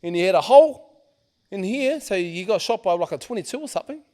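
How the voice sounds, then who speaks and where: A middle-aged man, a podcast guest, telling stories in a casual, animated way and swearing freely. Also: high voice, fast. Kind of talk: casual storytelling.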